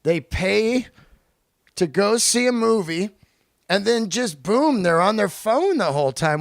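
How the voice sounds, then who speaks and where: A male podcast host delivering a profane, animated comedic rant on his own. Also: sits high, measured pace, dry recording, clean studio sound. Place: lives in Los Angeles.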